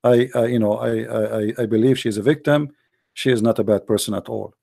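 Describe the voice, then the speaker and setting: A man's voice: mid-range voice, fairly quick, vocal fry, dark tone. Earnest man, urgent non-native English. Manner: repeats words when searching for them. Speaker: online commentator. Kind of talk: direct-to-camera monologue.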